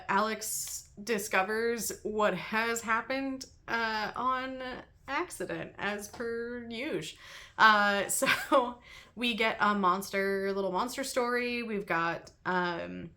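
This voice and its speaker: A woman talking casually through her week's reading with an even, middle pitch. She rambles, giggles often and fills her pauses with ums. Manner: chatty and giggly, laughs often between thoughts; rambling with frequent ums and restarts. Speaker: book reviewer and channel host. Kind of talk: casual chat.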